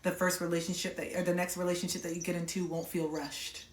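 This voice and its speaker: A woman's voice: on the low side, flat delivery, fast, roomy sound, far from the mic, slight background noise. A woman giving a live tarot reading to viewers. She sounds intimate and reassuring, repeats her key phrases and keeps checking in with "okay?". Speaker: tarot reader.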